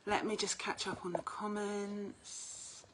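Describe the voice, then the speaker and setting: A woman's voice: medium pitch, slow, noisy background. A middle-aged woman, chatting casually on a livestream as an oracle card reader, talkative and prone to swearing. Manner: chatty, animated, swears freely.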